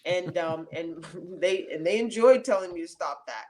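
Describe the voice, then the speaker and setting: A middle-aged woman, an interview guest, telling stories in a casual, animated way with many fillers and restarts. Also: fairly low pitch, moderate pace, slight background noise.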